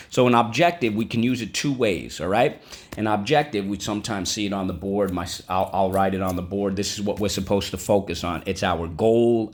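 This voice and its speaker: A man teaching a vocabulary lesson, spelling words out and checking in often with the class. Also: lowish voice. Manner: animated, spells words aloud and checks in with "okay? right?".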